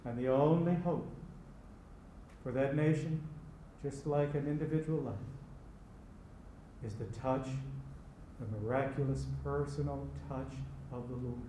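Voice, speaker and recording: A man preaching a sermon as pastor, slow and emphatic, repeating key phrases. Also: mid-range voice, steady tone, warm tone, a little hiss or hum. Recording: echoey room with faint ambience.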